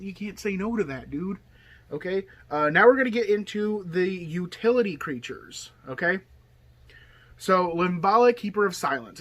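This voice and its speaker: A man's voice: a little high, sharp tone. A man casually talking through his card game deck, rambling and chatty, filling his talk with okay and you know. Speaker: deck tech host. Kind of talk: casual hobby video talk.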